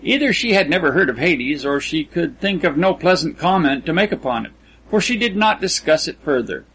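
A man with a husky, slightly raspy voice reads a literary story aloud. His pitch sits a little higher than most men's, and his delivery is measured and even. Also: poor audio. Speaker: audiobook narrator. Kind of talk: scripted literary narration.

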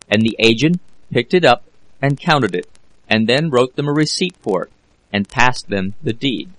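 A man narrating a classic novel as an audiobook reader, in a steady, measured way. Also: medium pitch, poor audio. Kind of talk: scripted narration.

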